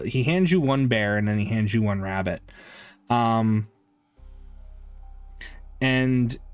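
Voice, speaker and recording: A man's voice: mid-range voice, dry recording. A man narrating a tabletop game as game master, loose and rambling with many fillers.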